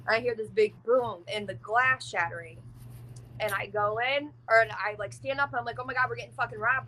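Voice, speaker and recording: A woman's voice: fairly high pitch, pushed and bright, a little hiss or hum, poor audio. A woman recounting her past in casual, blunt speech, swearing freely and leaning on "like" as filler. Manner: blunt and profane, heavy use of "like". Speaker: interview guest. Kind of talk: casual storytelling.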